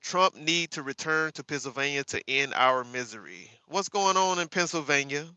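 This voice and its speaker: A man hosting a casual livestream, chatting with viewers by name, sarcastic and animated, calling his audience y'all. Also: a little high, normal speed, clean tone, no echo. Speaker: livestream host. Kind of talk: casual live chat reading viewer comments.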